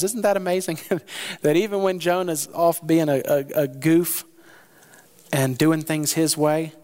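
A man preaching a sermon, animated, acting out the sailors' lines with sudden jumps in pitch and volume and laughing as he talks. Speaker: pastor.

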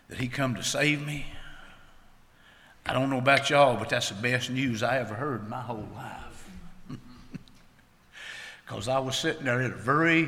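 A man giving an earnest, plain-spoken church testimony, halting now and then. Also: mid-range voice, pushed and bright. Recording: long hall reverb.

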